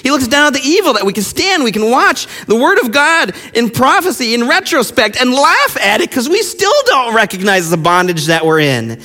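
A man preaching a sermon in a high, lively voice that swings widely between peaks and quiet drops. His impassioned delivery is full of rhetorical questions, and a long hall reverb trails each phrase. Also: moderate pace, few pauses. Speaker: pastor.

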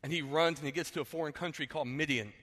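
Bright-voiced pastor preaching in a reverberant hall. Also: male voice, fairly high pitch, very fast. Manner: animated, acts out characters, asks "right?". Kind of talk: sermon storytelling. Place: church sanctuary.

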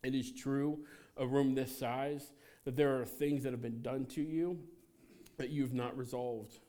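A man in his thirties preaches in a loose, conversational way, dropping in fillers and starting sentences over as he goes. He shifts into animated asides and sounds like he is talking straight to the congregation in front of him. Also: mid-range voice, unhurried. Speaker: pastor. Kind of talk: sermon. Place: church sanctuary.

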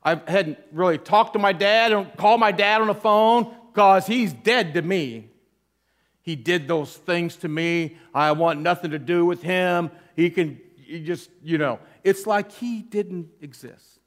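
A man, an interim pastor, giving a personal testimony sermon with candid storytelling, earnest and self-deprecating. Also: a little slow. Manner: earnest, softening low at emotional points.

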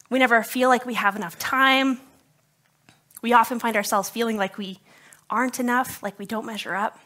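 During a church service, a woman pastor preaches to her congregation in a conversational, joking style. Her voice is fairly high, bright and forceful, with a slightly scratchy throat.

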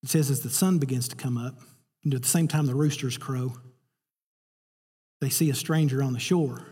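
A man's voice: medium pitch, moderate pace, mellow, breathy edge. A man preaching a sermon, telling a story and acting out the voices he quotes. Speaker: pastor. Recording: reverberant hall.

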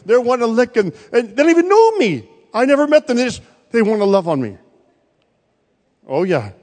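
A male pastor preaching a sermon, swinging from loud bursts to quiet, pointed asides. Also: high-pitched. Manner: preaching with sudden loud rises and quiet drops. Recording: long hall reverb.

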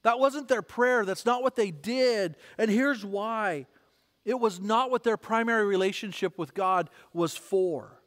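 High-pitched guy preaching a sermon, keeps repeating words, long hall echo behind him. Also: a little slow, a bit bright. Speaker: pastor.

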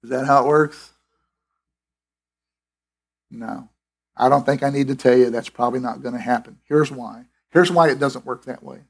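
Husky-voiced man preaching conversationally. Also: mid-range voice, fairly even intonation, normal speed, long pauses. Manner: conversational, emphatic, with restarts and asides. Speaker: pastor. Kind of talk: sermon.

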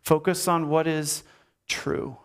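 Male pastor with a somewhat high voice, preaching earnestly and repeating phrases, sometimes going soft and low. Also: fairly even intonation, slow pace, clear, resonant tone. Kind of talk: sermon.

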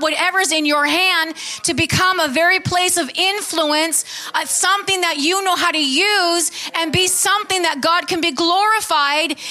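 A woman's voice: very high-pitched, sharp tone. A woman preaching a sermon, fervent and calling questions out to her congregation.

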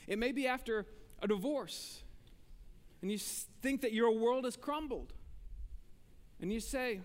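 A man preaching a sermon as pastor, talking conversationally and swinging between emphatic bursts and hushed asides. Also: extremely high pitch, animated, moderate pace, in a large hall.

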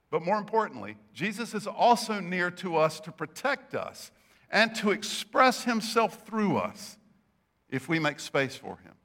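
A man's voice: high-pitched, sing-song, measured pace, bright, forceful tone. A man preaching a sermon, telling stories and stressing points with emphatic rises. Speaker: pastor.

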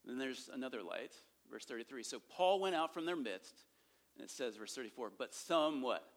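A man delivering a sermon in a relaxed, conversational teaching voice. He circles back to key points and keeps checking that listeners follow. His pitch sits in an ordinary middle range. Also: normal speed. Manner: conversational, repeats points with frequent "okay?" check-ins. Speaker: pastor teaching evangelism.

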